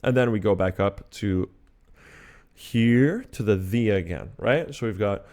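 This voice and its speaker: A man's voice: fairly low pitch, measured pace, darkish tone. A man giving a chant lesson, patiently explaining the scale and singing the note names. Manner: patient, methodical explanation, breaking into sung syllables. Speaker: chant teacher.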